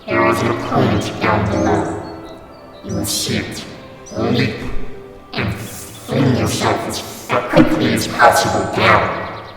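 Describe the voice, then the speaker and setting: A man voicing an ancient, grave male unicorn spirit who speaks slowly and commandingly, with a heavy reverb effect. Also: medium pitch, steady tone. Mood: solemn. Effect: heavy reverb echo. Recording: echoey hall reverb over loud music. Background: loud music.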